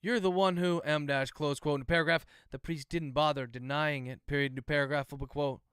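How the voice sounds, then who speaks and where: A man, an author, dictating his thriller aloud at a steady, methodical pace, speaking the punctuation marks. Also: medium pitch, fairly quick, clear, resonant tone, no echo, studio quality. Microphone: close livestream microphone.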